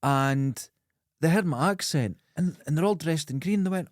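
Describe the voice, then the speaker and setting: Scottish man with a high-pitched, dry voice. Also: expressive, normal speed, dry recording. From Scotland. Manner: storytelling, often mimics others in raised voices, laughs a lot. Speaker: podcast host. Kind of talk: casual comedic chat.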